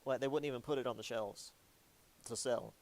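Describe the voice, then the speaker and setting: A man's voice: medium pitch, fairly even intonation, brisk, a little mellow. A young man giving a casual history lecture, chatty and jokey, with many ums and likes.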